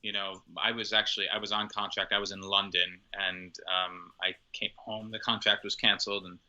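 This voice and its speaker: Man, opera singer being interviewed; lowish voice with a bright, forceful tone, enthusiastic and given to repeating himself. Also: little pitch movement, moderate pace, dull audio. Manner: enthusiastic, repeats words for emphasis. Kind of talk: conversational interview.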